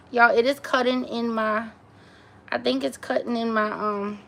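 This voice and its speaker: A woman's voice: on the high side, level tone, slow, gravelly, sharp tone. A woman hosting a casual live stream from home on her phone, chatting with viewers and cooing baby talk to her dog. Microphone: phone camera.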